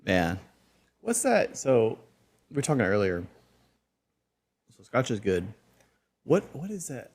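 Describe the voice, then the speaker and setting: A man's voice: medium pitch, sing-song, takes it slowly, long pauses, a little mellow, slightly rough. A man co-hosting a casual podcast, laid back, mostly adding short remarks and questions. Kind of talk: casual chat.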